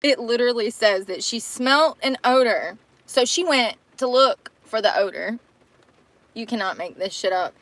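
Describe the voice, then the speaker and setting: Bright-voiced woman with drawl. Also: on the high side, lively intonation, moderate pace, dry recording. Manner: loud laughing disbelief, blunt swearing. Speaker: streamer reacting to news. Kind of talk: casual reaction chat.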